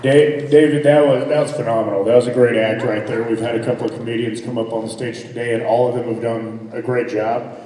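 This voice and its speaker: A man's voice: mid-range voice, fairly even intonation, fairly quick, recorded from a distance, a crowd in the background. A man judging a talent show, giving keen praise and repeating his words. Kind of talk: casual praise. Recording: echoey hall heard from afar.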